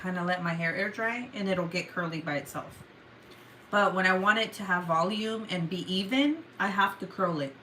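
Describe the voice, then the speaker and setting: A native Spanish-speaking woman with a Mexican Spanish accent chats casually on a livestream and reads viewer comments aloud. Her voice is bright and forward. Her talk is loose and profane, packed with "like" and "um", at an ordinary pitch for a woman. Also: slight background noise, poor audio. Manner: chatty and profane, full of "like" and "um". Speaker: livestream host.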